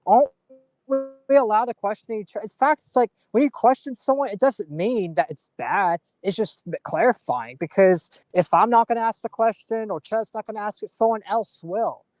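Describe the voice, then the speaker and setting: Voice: mid-range voice, animated, moderate pace, few pauses, a little mellow, dry recording, studio quality, soft background music. A co-host on a casual commentary stream, talking bluntly with frequent profanity.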